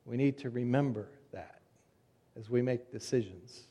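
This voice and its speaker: Pastor preaching in a reverberant church. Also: male voice, medium pitch, normal speed, slightly rough. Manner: conversational storytelling, voice drops soft at phrase ends. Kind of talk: sermon. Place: church sanctuary. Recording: long reverb of a church hall.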